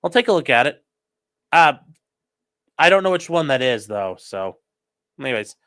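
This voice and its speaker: A man's voice: mid-range voice, big pitch swings, moderate pace, a bit bright. A man, a lawyer, chatting casually on a livestream and answering viewer comments before trial footage. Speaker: lawyer streaming a trial with live chat.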